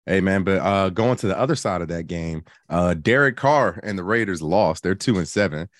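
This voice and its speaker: A man with a low voice riffing through football talk in a dry, close-miked sound. He talks in an animated, joking way and swears casually, trailing off with asides between stats and opinions. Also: normal speed, no room sound. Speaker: podcast co-host.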